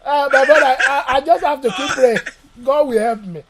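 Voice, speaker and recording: A man's voice: very high voice, normal speed, noisy background. A man from Nigeria with a Nigerian accent, telling jokes and stories as a guest MC, laughing often. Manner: animated, joking, laughs often. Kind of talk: comic storytelling interview.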